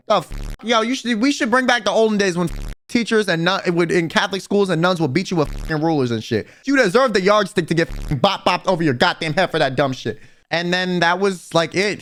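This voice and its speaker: A young man telling a personal storytime in casual, profane slang, animated and blunt. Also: fairly high pitch. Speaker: vtuber and livestreamer. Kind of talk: storytime rant.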